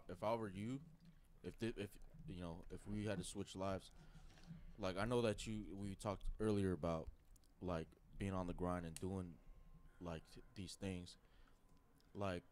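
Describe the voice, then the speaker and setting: Low-voiced blunt man in casual chat. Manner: blunt, reacts with loud disbelief.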